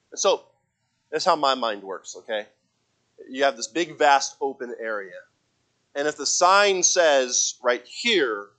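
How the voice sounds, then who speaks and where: Halting, story-telling preacher man. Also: a little high. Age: adult father of a young child. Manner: halting, repeats words and restarts, acts out quoted lines loudly. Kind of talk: conversational sermon storytelling.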